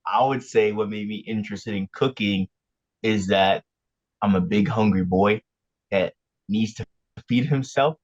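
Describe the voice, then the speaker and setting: A man's voice: fairly low pitch, measured pace, pauses often. A young man guest on a casual podcast, telling his story in a laid-back, joking way. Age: young adult. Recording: dry, dull lo-fi mic.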